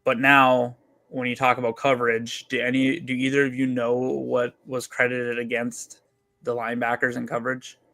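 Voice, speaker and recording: A man co-hosting a casual sports chat over a remote call, giving steady, measured analysis. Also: mid-range voice, creaky, dry recording. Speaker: podcast co-host.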